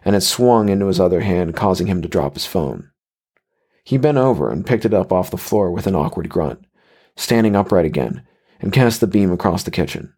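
A man reading a horror story aloud in measured, even scripted narration. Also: low-pitched.

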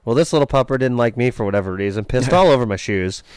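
A man's voice: mid-range voice, lively intonation, fast, darkish tone, clean tone, no echo. A young man co-hosting a podcast, telling stories in a laid-back, self-mocking casual chat. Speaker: podcast co-host.

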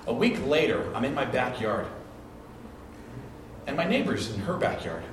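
Captured from afar in an echoey hall with faint noise, a pastor delivers a sermon in a sing-song, medium-pitched voice at normal speed. He speaks like a conversational storyteller, restarting and repeating phrases.

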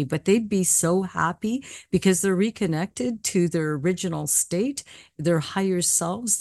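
Low-voiced woman, earnest medium. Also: no room sound, studio quality. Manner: earnest, storytelling, gentle reassuring tone. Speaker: psychic medium. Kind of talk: casual panel discussion.

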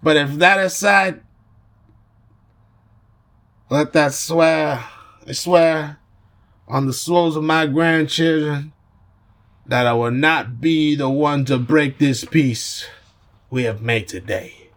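A man voicing a hammy, menacing Italian mafia boss in a mock Italian accent, with slow, drawn-out, theatrical delivery. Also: medium pitch, expressive, a little mellow, slightly rough, pitched below the performer's own voice. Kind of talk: amateur dramatic reading.

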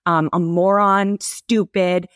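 A woman's voice: on the low side, level tone, slow, clear, resonant tone, dry recording. A woman guest on a comedy podcast, giving mock-serious bad advice in a dry, sarcastic manner. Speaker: guest, public defender. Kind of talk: deadpan comedic podcast banter.

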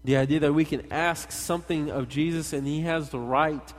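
A man preaching a sermon in a lively, conversational way, talking straight to his congregation. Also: fairly high pitch, moderate pace. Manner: animated, conversational, addresses the congregation directly. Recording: long hall reverb.

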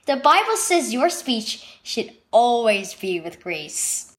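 A woman narrating a scripted children's devotional story with expressive storytelling. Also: a little high, takes it slowly.

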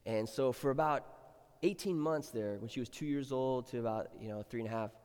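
A man's voice: mid-range voice, fairly quick, darkish tone, smooth. A middle-aged man preaching a sermon as pastor, chatting with the congregation, then building to emphatic exhortation. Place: church sanctuary. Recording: long reverb of a church hall.

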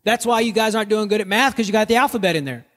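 A man preaches in an easygoing, humorous way, spinning everyday stories into his message. His voice sits high for a man. The sound rings with a long reverb, as if in a large hall. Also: rapid-fire, fairly bright tone. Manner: joking, storytelling preacher. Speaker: pastor. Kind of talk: conversational sermon podcast.

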